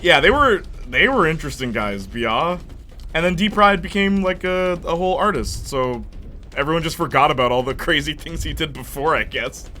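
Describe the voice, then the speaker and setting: A man's voice: fairly high pitch, moderate pace, a little hiss or hum. A young man hosting a gaming channel, chatting casually and telling rambling stories with bursts of laughter while reading his viewers' chat. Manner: animated rambling storyteller, breaks into laughter; reads and answers viewer chat. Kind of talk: casual let's-play chat.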